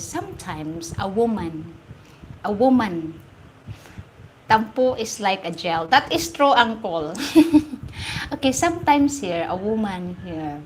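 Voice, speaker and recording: A woman's voice: mid-range voice, slight background noise, poor audio. A woman with a Filipino accent hosting a casual live stream, reading out viewer comments, teasing and laughing often as she repeats her phrases. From Philippines. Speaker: livestream host.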